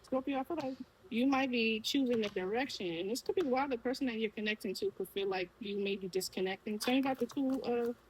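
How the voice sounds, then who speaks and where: A woman's voice: on the high side, fast talker, a little hiss or hum, low-quality recording. A woman with a Brooklyn accent giving a casual tarot reading, talking straight to the viewer and asking the cards questions aloud. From Brooklyn, New York. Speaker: tarot reader.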